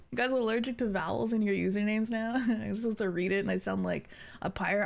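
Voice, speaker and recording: Woman, young adult, streamer chat, teasing, laughs a lot, gravelly fry. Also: mid-range voice, fast talker, hardly any pauses. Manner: chatty, laughs often, teasing. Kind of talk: casual chat with viewers.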